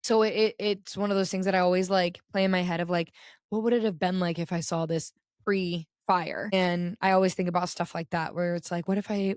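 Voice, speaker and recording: In a dry, studio-quality recording, a young American podcast co-host talks in a relaxed, chatty way, her speech full of fillers. Her voice is medium in pitch.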